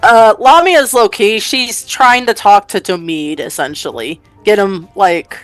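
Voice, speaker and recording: Tabletop player, casual chat, halting, fillers, dry recording. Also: medium pitch, lively intonation, fairly bright tone, no room sound, soft background music.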